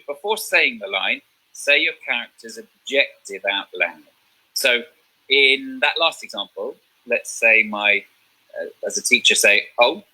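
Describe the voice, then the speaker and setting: Guy teaching drama revision, really bright sharp tone, bit husky, keeps asking okay?. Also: medium pitch, low-quality recording. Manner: explains step by step, checks in with "okay?". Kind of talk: online revision lesson.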